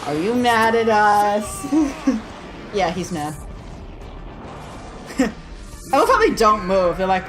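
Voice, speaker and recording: A woman's voice: mid-range voice, big pitch swings, takes it slowly, long pauses, poor audio. A woman hosting a reaction video, mocking a cartoon with sarcastic commentary and frequent laughter. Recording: cartoon audio and music behind.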